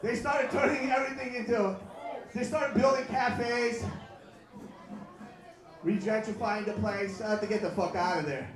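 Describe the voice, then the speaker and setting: A man from Los Angeles performing a live stand-up set in a bar, with a punchy, profane delivery that breaks into shouted bursts. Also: high voice, fairly even intonation, normal speed, long pauses. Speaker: stand-up comedian and host. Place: bar stage before a live audience. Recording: echoey bar with crowd laughter.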